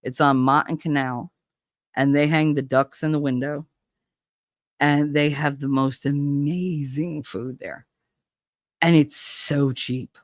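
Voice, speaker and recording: A woman's voice: low-pitched, fairly even intonation, takes it slowly, pauses often, dry recording, clean studio sound. A middle-aged woman, chatting casually with viewers and telling stories with swearing and laughs. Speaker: livestream host.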